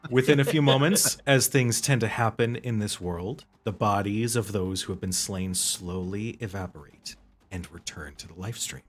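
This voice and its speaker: A man narrating as game master of a tabletop game, with lively, vivid descriptions. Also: lowish voice, moderate pace, soft background music.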